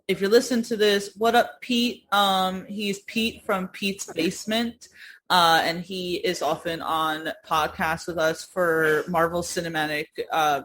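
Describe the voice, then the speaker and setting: A woman's voice: lowish voice, a bit bright, a little hiss or hum, low-quality recording. New woman co-host, chatty, laughs a lot, swears casually. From New York. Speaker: podcast co-host. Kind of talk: casual chat.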